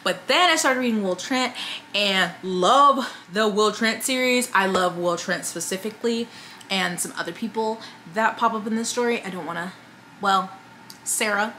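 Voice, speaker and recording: A woman talking casually to camera as a book reviewer, chatty and opinionated, with many fillers and quick asides. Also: medium pitch, sharp tone, a little hiss or hum.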